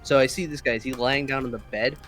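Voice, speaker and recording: A man's voice: medium pitch, fairly even intonation, fast talker, a bit bright. A man at a tabletop gaming session who chats casually and often laughs. His voice sits in the middle range, and faint music plays behind him. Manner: laughs easily, describes his actions with fillers. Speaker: player. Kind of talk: casual tabletop game chat.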